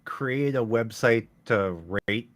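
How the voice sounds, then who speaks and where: A man's voice: medium pitch, takes it slowly, a bit bright. A man co-hosting a casual livestream chat, making dry wisecracks and laughing often. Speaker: podcast co-host.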